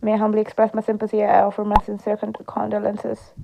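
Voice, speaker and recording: Gravelly woman reading game dialogue. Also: medium pitch, completely flat delivery, fast talker, heavy background noise. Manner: reads all characters in her own voice. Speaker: gameplay streamer. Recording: slightly dull lo-fi sound.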